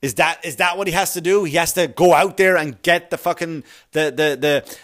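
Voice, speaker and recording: A man's voice: on the high side, moderate pace, a bit bright. A middle-aged man doing a profane stand-up routine, rambling and acting out little scenes in put-on voices. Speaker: stand-up comedian.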